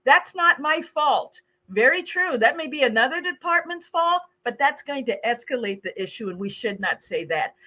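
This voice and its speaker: A woman hosting a podcast and training on customer service, talking in a lively, animated way, laughing often and acting out the phrases she quotes. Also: on the high side, a little fast, few pauses. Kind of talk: casual podcast conversation.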